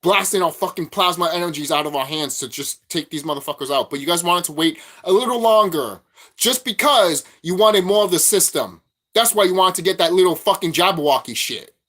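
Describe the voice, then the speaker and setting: A man delivers a preachy spiritual monologue to his vlog audience, full of profanity and repeated phrases. His pitch swings widely as he drives each point home, with no calm, even stretches. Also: brisk. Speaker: vlogger.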